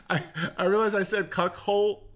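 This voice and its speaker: A man's voice: high-pitched, little pitch movement, a little slow, fairly bright tone. A man co-hosting a casual podcast, throwing in wry quips. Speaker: podcast co-host. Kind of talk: casual chat.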